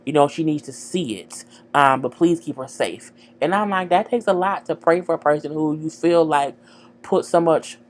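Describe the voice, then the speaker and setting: A woman's voice: sits low, a little mellow. A woman giving a chatty, frank recap of a TV episode, full of "girl" and "you know". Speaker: TV show recapper.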